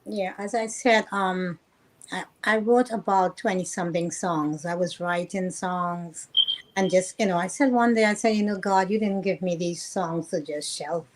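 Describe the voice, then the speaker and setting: A woman singer, a guest on a radio interview, talking in a soft, earnest way. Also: fairly low pitch, moderate pace, slight background noise, poor audio. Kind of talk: casual radio interview chat.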